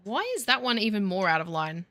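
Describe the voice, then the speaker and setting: Woman playing a factory game, bright voice, dry close mic, talks back to the game all sarcastic. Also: medium pitch, lively intonation, fairly quick, no room sound. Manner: wry, self-mocking, talks to the game. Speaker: gaming video host. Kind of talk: casual gameplay commentary.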